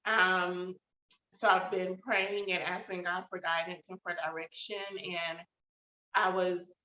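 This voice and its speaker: A woman's voice: on the low side, flat delivery, slow, bright, forceful tone. A woman hosting her own show, talking casually and reflectively about how she is feeling, with many fillers. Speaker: host. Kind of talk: casual personal check-in talk. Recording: roomy, slightly dull sound.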